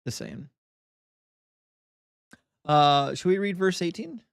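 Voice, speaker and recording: A man talking casually on a podcast, with a gravelly, creaky edge to his voice. He makes opinionated, half-joking points. The sound is dry and close, with no room echo. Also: high-pitched, animated, slow. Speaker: podcast co-host. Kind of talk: casual chat.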